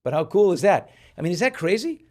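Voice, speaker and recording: Animated male talk show host. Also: high-pitched, quick pace. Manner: animated storyteller who acts out quoted people. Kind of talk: casual chat.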